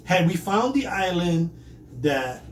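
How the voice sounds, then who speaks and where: A man with a slightly higher voice tells stories in casual chat, laughing often and swearing freely. He sounds distant from the mic in an echoey room. A faint hiss sits under the recording. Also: sing-song, slow. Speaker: podcast co-host.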